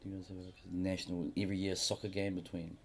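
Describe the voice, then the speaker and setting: A man's voice: deep voice, quick pace, husky. A middle-aged man, hosting a podcast in casual chat and telling stories by acting out what people said. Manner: animated storyteller acting out quotes, swearing. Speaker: podcast host.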